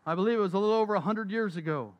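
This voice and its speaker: A man's voice: sits high, very fast, highs cut off. A man preaching a sermon, telling stories emphatically and repeating key phrases. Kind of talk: sermon storytelling.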